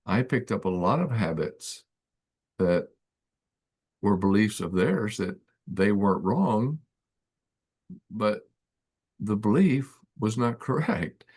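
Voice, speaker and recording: A male interview host with a somewhat low voice that has a slight huskiness. His pitch moves around a lot as he talks. He is affirming and thinks aloud, often restarting his sentences. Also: lively intonation, slow, pauses often, a little mellow, slightly rough. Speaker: podcast host. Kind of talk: conversational interview.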